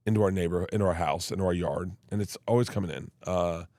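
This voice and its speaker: A comedian talking as a guest in a casual chat, telling stories in a rambling way with many restarts. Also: male voice, sits low, fast, darkish tone, no room sound, clean studio sound. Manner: rambling storyteller, restarts often.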